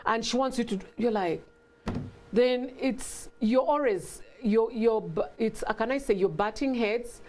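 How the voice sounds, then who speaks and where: A woman's voice: fairly high pitch, measured pace, slight background noise. A middle-aged woman with a Ugandan accent, a guest in an interview, talking casually and acting out family exchanges with laughter. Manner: animated, acts out family dialogue with laughter.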